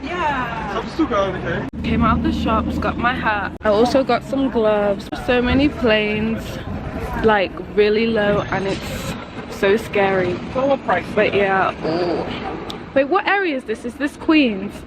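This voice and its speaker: A young woman from the United Kingdom, chatting excitedly in a casual travel vlog while walking city streets, filmed on a handheld phone. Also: on the high side, slow pace, noisy background. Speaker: travel vlogger.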